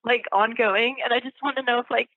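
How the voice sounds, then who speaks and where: A woman's voice: on the high side, steady tone, a little fast, no room sound. A woman calling in to a radio show. She talks in an eager, rambling way and sounds emotional. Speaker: caller. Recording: dull phone-line sound.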